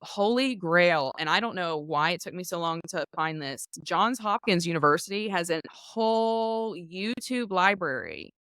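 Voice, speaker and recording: A woman's voice: lowish voice, lively intonation, a little slow, hardly any pauses, fairly bright tone, smooth, dry recording. A woman from Memphis, a guest author, speaking candidly and reflectively in a casual interview, with self-deprecating humour.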